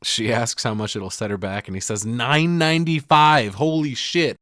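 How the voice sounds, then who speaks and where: A man's voice: medium pitch, moderate pace, a bit bright, no room sound, studio quality. A man hosting a podcast, recapping a film casually, swearing freely and acting out the characters' lines as he retells the scenes. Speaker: podcast host.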